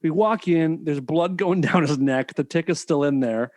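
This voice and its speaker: A man's voice: fairly high pitch, moderate pace, darkish tone, no room sound. Teasing man with a dry, close sound. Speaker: podcast host. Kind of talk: casual chat.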